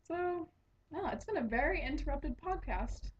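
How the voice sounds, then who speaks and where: A woman's voice: high-pitched, animated, moderate pace. A young woman hosting a casual knitting podcast, telling a rambling story with lots of giggles and restarts. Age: young adult. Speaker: podcast host and resident assistant. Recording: dull lo-fi home recording.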